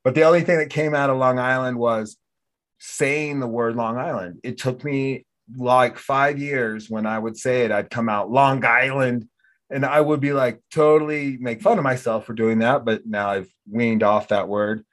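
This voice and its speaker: Hosting a relaxed conversation, this middle-aged North Dakota man is a chatty storyteller who performs the quoted back-and-forths. He speaks in a mid-range voice at a moderate pace.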